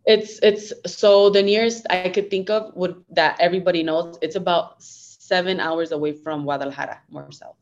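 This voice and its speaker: Low-voiced young woman, earnest and upbeat. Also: fairly even intonation, moderate pace, hardly any pauses, dull audio. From United States. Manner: earnest, upbeat, code-switches Spanglish. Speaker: guest fighter. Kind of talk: casual interview chat.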